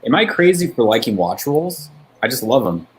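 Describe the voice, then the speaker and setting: A man's voice: mid-range voice, big pitch swings, moderate pace, slight background noise, rough recording. A man in casual chat as a guest, laid-back and easygoing.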